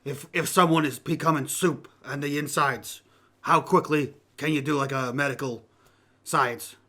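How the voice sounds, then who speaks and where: A man playing in a tabletop game, making joking, deadpan asides. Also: a little high, moderate pace. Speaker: player. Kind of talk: casual tabletop play.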